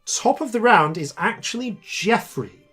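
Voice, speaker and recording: A man narrating as dungeon master, halting and full of fillers and self-corrections. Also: high voice, animated, loud music behind the voice. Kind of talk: narrating a tabletop game.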